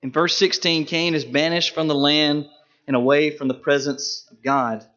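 A man preaching a sermon, emphatic, with sharp rises and drops in his voice for stress. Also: on the high side, steady tone, moderate pace. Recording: dull lo-fi recording.

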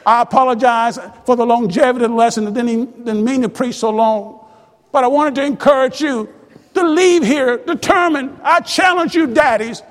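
A man preaching a sermon with fervent repetition that rises to shouts. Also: very high voice, moderate pace. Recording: long reverb of a large hall.

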